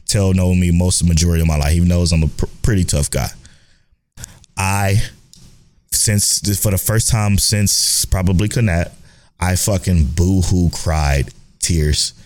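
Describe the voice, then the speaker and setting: A young man co-hosting a casual podcast, animated and swearing freely as he chats. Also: deep voice, moderate pace. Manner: animated, swearing, laughing, self-mocking. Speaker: podcast co-host. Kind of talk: casual chat.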